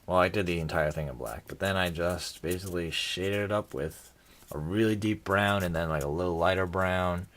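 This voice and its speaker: A man's voice: sits low, normal speed, fairly bright tone. A tired man talking casually through his hobby crafting work, rambling and self-deprecating. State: tired, yawning. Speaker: hobby video maker.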